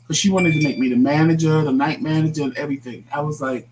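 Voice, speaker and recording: A man with a fairly high voice, telling a personal story in frank, everyday talk as a talk show co-host. A faint hum runs under the recording. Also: steady tone, quick pace, hardly any pauses, a little mellow, low-quality recording. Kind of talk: casual chat.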